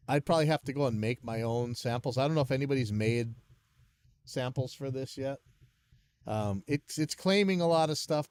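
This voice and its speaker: A man with a medium-pitched, darkish voice hosts a live stream over slight background noise. Working through a music session at his computer, he rambles and mutters to himself, thinking aloud with self-deprecating commentary.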